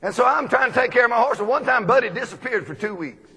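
A man from Texas, preaching a folksy storytelling sermon full of animated anecdotes. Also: very high-pitched, fast talker, breathy edge. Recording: long echoey hall reverb.

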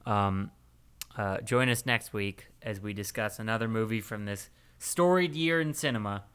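A man's voice: fairly low pitch, moderate pace, a bit bright, smooth. A man hosting a casual movie podcast, rambling along with lots of ums and easy laughter. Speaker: podcast host.

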